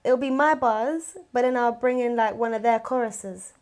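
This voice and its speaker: She is a young woman from with a fairly high voice, talking casually as a guest. She tells her stories with energy and acts out the people in them. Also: moderate pace. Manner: lively storyteller who acts out other people's voices. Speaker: rapper, podcast guest. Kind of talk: casual interview chat.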